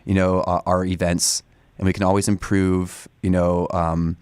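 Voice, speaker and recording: Low-voiced man in his forties, rambling. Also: flat delivery, moderate pace, a little mellow, clear, resonant tone, no echo. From Northern California. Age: 40s. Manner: rambling, many restarts and fillers. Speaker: studio guest. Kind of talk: casual interview talk. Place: radio studio.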